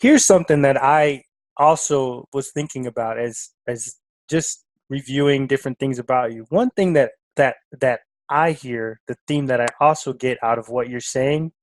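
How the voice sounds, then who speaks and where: A man's voice: medium pitch, moderate pace, dry recording. Enthusiastic man interviewing, dry close sound. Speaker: podcast host, interviewer. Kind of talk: casual interview talk.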